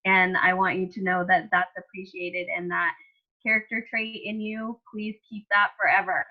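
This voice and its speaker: A woman teacher giving a sincere, gentle tribute to a student over a video call. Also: medium pitch, little pitch movement, moderate pace. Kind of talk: short tribute speech. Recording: slightly dull video call audio.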